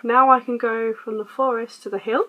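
A woman hosting a casual let's-play, quietly reading game text aloud and muttering her choices. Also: a little high, fairly even intonation, moderate pace, poor audio. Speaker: gaming channel host.

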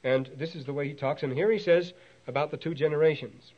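A man's voice: on the high side, brisk. A man giving a university lecture, thinking aloud with fillers and restarts and lifting his voice to read quotations. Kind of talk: university lecture on ancient texts. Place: lecture hall. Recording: dull lo-fi 1960s lecture tape.

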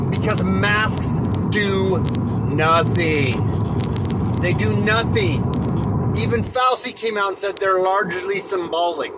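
A man vlogging from a car, ranting in a heated, sarcastic, profane way. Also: high voice. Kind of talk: angry ranting monologue. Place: in a car while driving. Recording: vehicle road noise behind.

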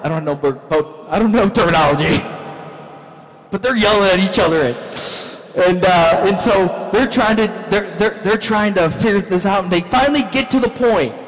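A male pastor preaching a sermon in a church, with animated storytelling that acts out scenes. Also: high voice, normal speed, big-room sound, low-quality recording.

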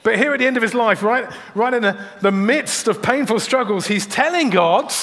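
A man's voice: extremely high pitch, normal speed, few pauses, fairly bright tone. A man preaching a sermon in a church, earnest and direct, often repeating a word as he starts a sentence. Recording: long church reverb.

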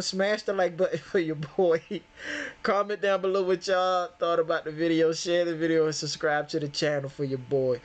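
A man hosting a reaction video, talking loosely and laughing often as he comments. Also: a little high.

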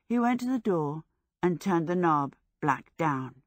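Female audiobook narrator, measured storybook pace, dry close studio sound. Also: lowish voice, lively intonation, dry recording. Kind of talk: scripted narration.

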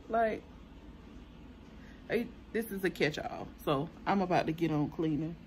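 Woman, low voice, gravelly, casual vlog chat, phone camera, faint background noise. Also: a little slow, darkish tone. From South Carolina. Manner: chatty, talks straight to viewers with Southern slang. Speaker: family vlogger. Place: at home, then a restaurant.

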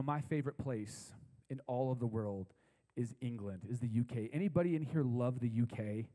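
A man preaching a sermon to a young adult congregation in a church, chatty and conversational, repeating key phrases slowly for emphasis. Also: medium pitch, mellow, in a large hall, rough recording. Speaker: pastor. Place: church service with a live audience.

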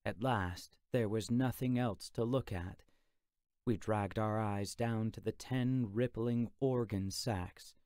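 A man narrating an audiobook in a steady, measured storytelling manner. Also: fairly low pitch, clear, resonant tone, dry recording, clean studio sound. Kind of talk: scripted narration.

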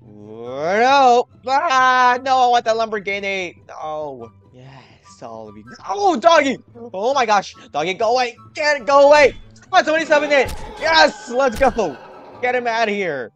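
A man's voice: very high-pitched, unhurried, faint music behind. A young man commentating his gameplay with lots of energy, talking straight to his viewers. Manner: energetic, talks to viewers, hypes himself up. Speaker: gaming video host.

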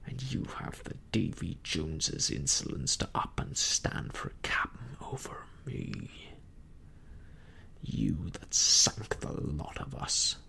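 A storyteller voicing a cunning, scornful old male pirate captain in a slow, contemptuous whispered role-play. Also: low voice, very animated, creaky, sharp tone, pitched below the performer's own voice, exaggerated voice.

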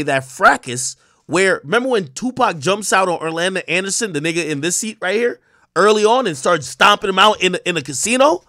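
A man with a fairly high voice and lively swings in pitch breaks down on-screen footage in casual commentary. He leans on heavy slang and profanity and keeps his delivery emphatic. The sound is close and dry, with no room echo. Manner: walks through on-screen footage, talking to viewers.

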